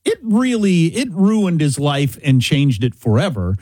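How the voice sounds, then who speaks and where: A man's voice: a little high, very animated, a little slow, darkish tone, breathy edge, dry recording. A man co-hosting a talk radio show, giving blunt opinions in casual banter. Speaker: radio co-host.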